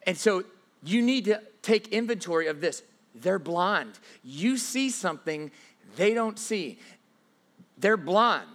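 A man preaching with a high, bright voice that leaps up and down in pitch. He drives his points hard, dropping to a hush and then rising loud again. He often stumbles into repeated words as he restarts his sentences. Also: animated, slow. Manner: emphatic, dramatic swings from loud to hushed; repeats himself and stammers on restarts. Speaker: pastor. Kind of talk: sermon.

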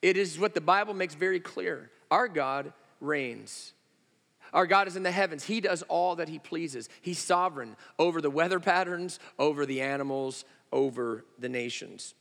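A man preaches a sermon in a somewhat high, bright, forceful voice. He swings from loud, animated exclamations to slow, hushed emphasis, and a long reverb from the large church hall hangs behind every line. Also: gravelly. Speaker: pastor.

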